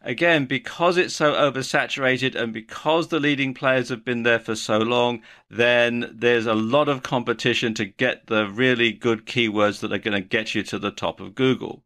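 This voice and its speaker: A man's voice: medium pitch, fairly even intonation, normal speed, hardly any pauses, fairly bright tone. A man giving a video lesson on online marketing, explaining in a mildly sardonic way.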